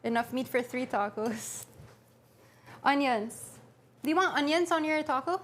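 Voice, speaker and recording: A woman's voice: sits high, unhurried. A woman streamer chatting casually and teasing her friend while cooking in a home kitchen.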